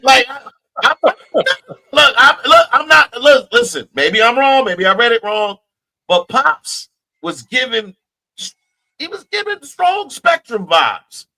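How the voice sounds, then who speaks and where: A man's voice: very high-pitched, creaky, pushed and bright, poor audio. A man from New Jersey co-hosting a podcast, chatting casually about movies with lots of restarts and repeated words. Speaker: podcast co-host.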